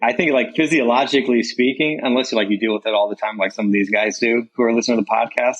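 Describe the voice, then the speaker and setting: Husky-voiced guy on a podcast, chill and rambly, just chatting. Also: medium pitch, steady tone, quick pace, fairly bright tone, muffled recording. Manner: laid-back rambling storyteller. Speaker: podcast guest. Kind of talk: casual chat.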